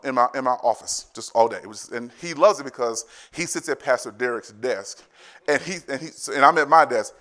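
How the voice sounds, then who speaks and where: A man in his thirties, a pastor, preaching a sermon, telling family stories in an animated way, repeating phrases and often laughing. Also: medium pitch. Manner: animated storytelling, rising to loud excited bursts.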